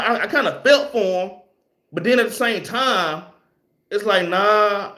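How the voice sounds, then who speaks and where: High-voiced man giving slangy Bible teaching. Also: a bit bright. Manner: loose, slangy, repeats words, reads verses slowly. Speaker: street preacher teaching scripture.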